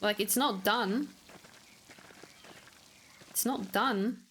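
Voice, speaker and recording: A woman's voice: mid-range voice, very slow, fairly bright tone, slight background noise. A woman gaming streamer chatting casually and joking while she plays. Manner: chatty, joking, laughs often. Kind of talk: casual let's-play commentary.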